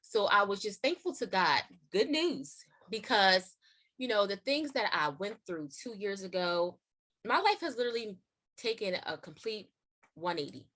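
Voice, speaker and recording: A young woman hosting and telling a personal testimony in a casual, chatty way, full of "like" and "you know", acting out quoted lines in a high voice. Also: moderate pace. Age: young adult. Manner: acts out quotes in a high excited voice. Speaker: host sharing her testimony.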